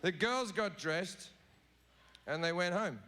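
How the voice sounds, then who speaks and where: A man's voice: high-pitched, animated, slow pace, sharp tone. A man doing a crude stand-up comedy set on a theatre stage, telling a story and acting out the voices in it. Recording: reverberant live theatre recording with audience.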